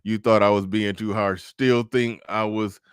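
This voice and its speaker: A man's voice: lowish voice, steady tone, measured pace, smooth, no room sound, clean studio sound. A man hosting a casual livestream, commenting emphatically, repeating phrases and stumbling on restarts as he reads out super chats.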